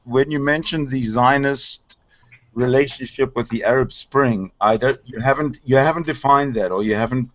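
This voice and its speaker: Male talk show host, mid pitch, pushes back on callers, lo-fi sound. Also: normal speed. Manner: interrupting, challenging, hesitant restarts. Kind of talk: casual talk show debate. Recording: lo-fi stream audio.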